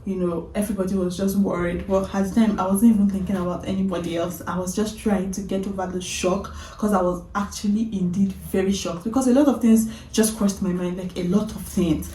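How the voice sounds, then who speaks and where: A woman vlogger casually retelling a story, animated, often breaking into laughter. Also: medium pitch, a little fast, few pauses, roomy sound, distant mic, a little hiss or hum, low-quality recording.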